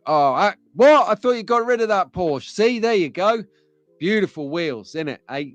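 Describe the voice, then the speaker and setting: A man's voice: a little high, no room sound. An English man hosting a casual live stream, chatting and joking with viewers and laughing often. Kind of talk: casual live chat reading viewer comments.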